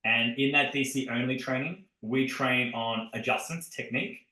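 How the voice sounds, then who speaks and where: Podcast host, male, bright forceful tone, energetic storyteller, echoey room. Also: mid-range voice, moderate pace. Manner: energetic storytelling, addresses listeners directly. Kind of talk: casual podcast chat. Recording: roomy echo.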